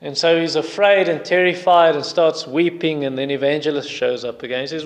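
A man's voice: a little high, fairly even intonation, a little fast, hardly any pauses. A male preacher delivering a sermon and retelling a story in an emphatic way. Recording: long hall reverb.

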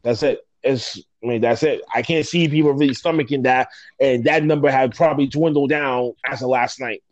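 A man's voice: mid-range voice, steady tone, a little fast. A man co-hosting a podcast, giving blunt, joking opinions and swearing casually. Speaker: podcast co-host. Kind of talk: casual chat. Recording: dull lo-fi sound.

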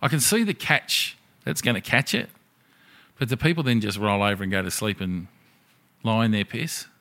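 A bright, forceful man's voice pitched a little low. He tells a rowdy story in casual chat, swearing often and acting out the other people in it. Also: normal speed. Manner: profane, animated storyteller.

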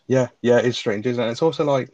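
A man co-hosting a podcast, reading a plot summary and chatting about a film in a relaxed way. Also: medium pitch, fast talker, dry recording. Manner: relaxed, laughs, tag questions. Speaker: podcast co-host. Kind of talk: reading a plot summary, then casual chat. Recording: dry, slightly dull mic sound.

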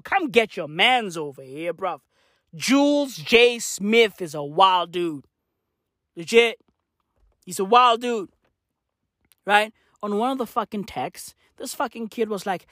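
A woman delivering a profane comedic rant, full of slang, dropping to low mutters and then jumping to high shouted outbursts. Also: no echo, clean studio sound. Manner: heavy slang fillers. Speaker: comic ranter.

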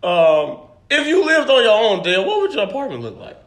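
A man with a high, lively voice whose pitch swings widely as he talks. He banters casually on a podcast, laughing and swearing as he asks questions. The sound carries an echo from the room. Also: fairly quick. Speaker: podcast co-host. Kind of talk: casual chat.

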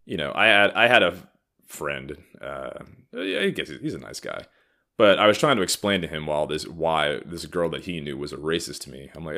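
A man in his thirties with a very low voice and a forceful, tense edge, hosting a solo podcast. He rants bluntly and profanely, getting heated and animated as he goes. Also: moderate pace. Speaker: podcast host. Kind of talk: solo ranting podcast talk.

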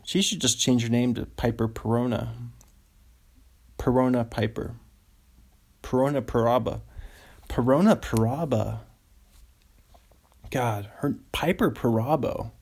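A man's voice: mid-range voice, a little slow, creaky, pauses often, darkish tone. A man hosting a solo podcast, rambling and amused with himself as he cheers on his own jokes. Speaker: podcast host.

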